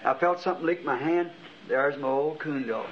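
A middle-aged preacher tells a vision to his congregation in a fairly high voice, his lines climbing into impassioned exclamations. The recording is dull and lo-fi, like old archival tape. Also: moderate pace, a crowd in the background. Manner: impassioned storytelling with rising exclamations. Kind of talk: sermon.

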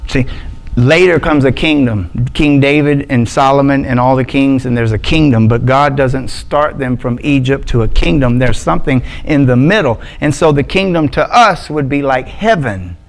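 A man's voice: medium pitch, normal speed, vocal fry, rough recording. A man with an Alabama accent preaching a casual, joking sermon full of slang. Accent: Southern US, Alabama. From Montgomery, Alabama. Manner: joking, loose and conversational, with slang. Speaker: pastor. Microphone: microphone with adjustable sound.

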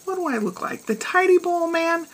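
A woman voicing a gruff, lazy, grumpy husband who scoffs with sarcastic retorts, in a told joke. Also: very high-pitched, animated, normal speed, pitched above the performer's own voice. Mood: scoffing.

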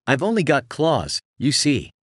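Sly scheming storybook cat, read by a male narrator, lively, dry mic. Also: a little high, unhurried, husky, no room sound, full character voice. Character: clever, cheeky talking cat in boots.

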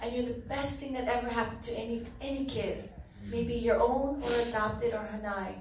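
A woman's voice: fairly high pitch, steady tone, moderate pace, darkish tone, a little hiss or hum. A middle-aged woman giving an earnest, heartfelt church testimony, often laughing as she speaks. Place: church hall. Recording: very echoey hall, mic from far off.

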